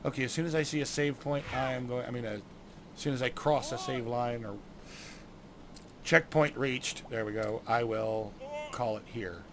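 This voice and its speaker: A man's voice: mid-range voice, steady tone, moderate pace, background noise. A man in a casual, easygoing chat about his gameplay, with dry self-deprecating jokes. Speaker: gameplay narrator.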